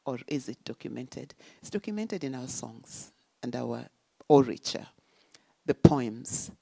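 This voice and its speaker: A woman's voice: rumbling low, animated, a little slow, creaky, mellow, no room sound. A woman speaking at a symposium, lecturing with rhetorical questions and emphatic stresses. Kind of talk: academic talk. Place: conference hall.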